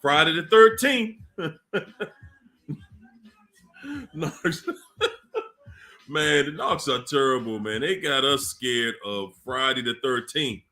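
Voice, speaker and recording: A man hosts a casual livestream, greeting viewers one by one in an unhurried, drawn-out way. His voice is bright and sits a little high. Faint music plays underneath. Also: animated. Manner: slow, drawn-out shout-outs with laughs. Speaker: livestream host.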